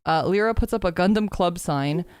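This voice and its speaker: A woman's voice: on the low side, moderate pace, a little mellow, clean tone, no echo, clean studio sound. A woman streamer in casual chat, laughing as she reads out her old skit scripts.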